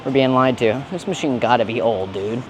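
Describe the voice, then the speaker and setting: A man's voice: mid-range voice, a little fast, very noisy. A young man ranting and joking in a gym, casual and full of profane slang. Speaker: fitness vlogger. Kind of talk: casual gym vlog rant.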